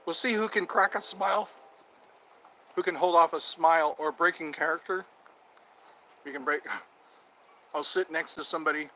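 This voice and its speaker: Guy vlogging, kinda high voice, joking and doing a fake tough-guy thing. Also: fairly even intonation, normal speed, pauses often, bright, forceful tone, a little hiss or hum, low-quality recording. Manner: joking, slips into mock tough-guy talk; laughs at his own jokes. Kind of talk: casual vlog chat.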